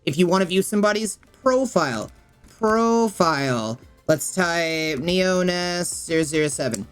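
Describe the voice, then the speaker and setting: A woman with a fairly low voice explains game menus step by step. She rambles casually and thinks aloud with plenty of fillers. Soft music plays faintly underneath. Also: expressive, normal speed. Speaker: gaming streamer and YouTuber.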